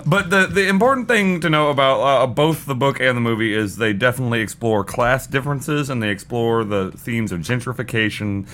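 A man's voice: mid-range voice, brisk, hardly any pauses, a bit bright. A man co-hosting a podcast, chatting animatedly about a horror film, swearing and laughing often. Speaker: podcast co-host.

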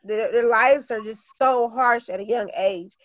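A woman's voice: on the high side, a little slow, no echo, muffled recording. A woman teacher and author talking earnestly in an interview, with many fillers and restarts. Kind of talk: casual interview talk.

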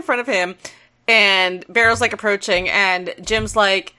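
A woman's voice: mid-range voice, slow, clear, resonant tone. A woman co-hosting a podcast, chatting playfully and laughing easily. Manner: animated, giggly, playful. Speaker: podcast co-host. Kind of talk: casual chat recapping a cartoon.

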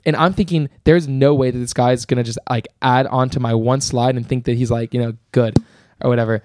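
A young man rattles through a story on a casual podcast, piling up fillers and restarts. His pitch sits in an ordinary middle range, and the sound is dry and close. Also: brisk, dry recording. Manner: rambling, animated storyteller full of fillers. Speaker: podcast co-host.

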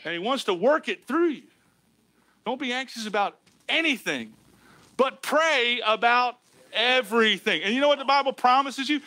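A man preaching a sermon as a pastor, emphatic and folksy, swinging between loud lines and hushed ones. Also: very high-pitched, lively intonation, moderate pace, dry recording. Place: church sanctuary.

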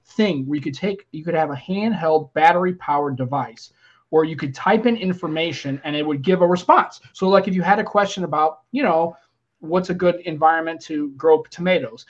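A podcast host talks quickly and with energy, joking his way through stories and putting on voices for the people he quotes. His voice sits a little high, and the audio is dull and lo-fi. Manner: animated, joking storyteller who acts out quotes. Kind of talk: casual podcast chat.

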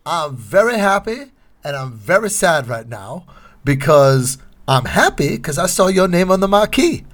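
A man's voice: a little high, sing-song, unhurried, pitched above the performer's own voice. A man putting on a theatrical accent for his male voodoo priest character, telling a story. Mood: excited.

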